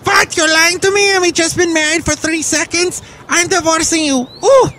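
A man voicing an impulsive, shouty woman who marries a stranger, then divorces him at once. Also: very high-pitched, moderate pace, slight background noise, pitched above the performer's own voice. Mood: outraged. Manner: shouty, blunt, fickle. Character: shrill impulsive woman, bride of the ice cream maker.

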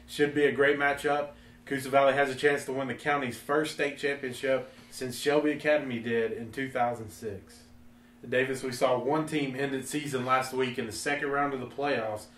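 A man's voice: medium pitch, fairly bright tone, far from the mic. A man hosting a local sports show, reading scripted lines and putting questions to his co-host. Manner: smooth, reads lines and asks questions. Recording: echoey, a bit off mic.

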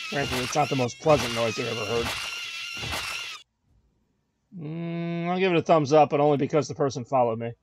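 A man's voice: a little high, gravelly, no echo. A man hosting a gaming video, giving casual, wry let's-play commentary and talking to his viewers. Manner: chatty, wry, addresses viewers.

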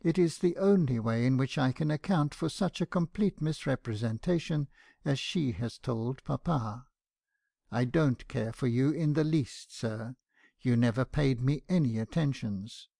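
A man's voice: medium pitch, measured pace, vocal fry, mellow, no room sound, studio quality. A man voicing a tearful young woman. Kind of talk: audiobook character reading.

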